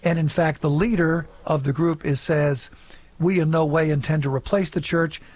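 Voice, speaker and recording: A man hosting a call-in radio show, reading out the phone number and taking callers in a brisk, announcer-like way. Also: fairly high pitch, steady tone, a little mellow.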